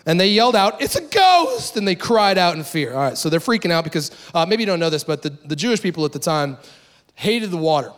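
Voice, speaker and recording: Male pastor, middle-aged, high-pitched, animated conversational sermon, dramatic pauses.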